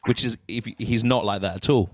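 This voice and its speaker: A man's voice: fairly low pitch, fairly quick, no echo. A man hosting an interview podcast, chatting casually and telling rambling anecdotes. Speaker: podcast host.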